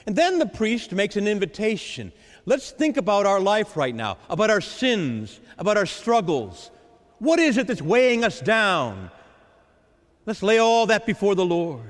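A man preaching a sermon as a priest, acting out the voices of the Lord and the disciples with lively drama. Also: high voice, unhurried. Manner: animated, dramatizing the Lord's and disciples' lines. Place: church. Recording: echoey church with long reverb.

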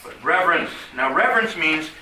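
A man leading a Bible study class in an animated, conversational way. His pitch swings widely as he poses rhetorical questions to the group. His voice is bright and forward. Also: a little fast, a little hiss or hum, rough recording. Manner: animated, acts out quoted voices; asks listeners rhetorical questions. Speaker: Bible teacher.

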